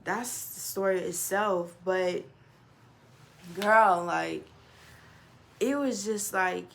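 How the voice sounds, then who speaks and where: Animated, profane young woman vlogger. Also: mid-range voice, very slow, gravelly, a little hiss or hum. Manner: animated, profane, talks straight to viewers. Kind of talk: casual storytelling to camera.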